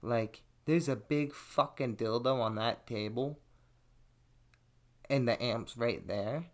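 A man's voice: medium pitch, slow. Profane man telling a wild story. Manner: profane, animated storytelling, acts out quotes. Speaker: podcast host. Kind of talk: casual storytelling.

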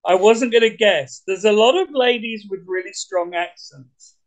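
A man with a British accent, talking as a podcast guest in an energetic, blunt way, swearing casually. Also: high voice, moderate pace, poor audio. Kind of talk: casual conversation.

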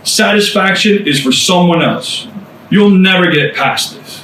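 A jeering, accusing inner voice, put on by a man, pitched well above his own speaking voice. It lands one belittling line after another. The room echoes, and the mic sits some distance away. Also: measured pace, a bit bright, slight background noise. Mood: taunting. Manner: sneering, hammering out insults. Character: taunting inner voice of a man's old self.

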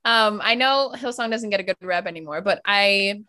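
A woman's voice: medium pitch, moderate pace, pushed and bright. An American woman hosting a podcast, chatting casually and laughing often. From United States. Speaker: podcast host. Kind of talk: casual chat.

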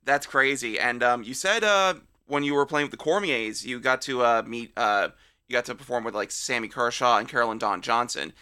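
A man's voice: mid-range voice, normal speed, bright, forceful tone, smooth. A man hosting a music podcast, asking questions in a casual, enthusiastic way with many hesitant fillers. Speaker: podcast host. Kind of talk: casual interview.

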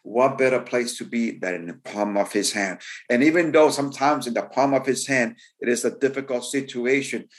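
A male preacher delivering a sermon in a voice of ordinary pitch. He builds his phrases through repetition and breaks out in fervent exclamations. His speech is full of stumbling restarts. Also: moderate pace, few pauses. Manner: stumbling restarts, repeating words.

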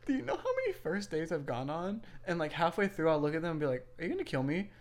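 A woman's voice: sits low, big pitch swings, quick pace. A young woman co-hosting a casual chat show, chatty, laughing often and filling her talk with "like". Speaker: podcast co-host.

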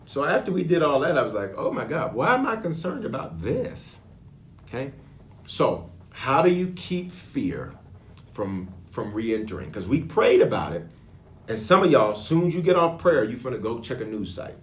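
Man, preacher, mid-pitched voice, loud emphatic bursts, throat clearing, echoey room. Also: big pitch swings, normal speed. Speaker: bishop. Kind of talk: sermon and prayer.

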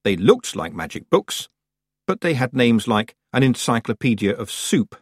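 A man narrating a novel as an audiobook, reading in an expressive storytelling manner. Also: mid-range voice, normal speed, breathy edge, dry recording, studio quality. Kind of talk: scripted narration.

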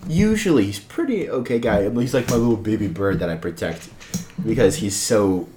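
This lively young co-host tells stories on a podcast at a moderate pace, his pitch fairly low, animatedly performing the lines of those he quotes. It's a casual storytelling chat, and the room is echoey and loudly noisy.

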